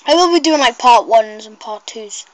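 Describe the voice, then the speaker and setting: High-voiced woman rambling over a game. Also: moderate pace, rough recording. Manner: rambling, excitable, shrieks at mishaps. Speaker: gameplay commentator. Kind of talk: casual gameplay commentary.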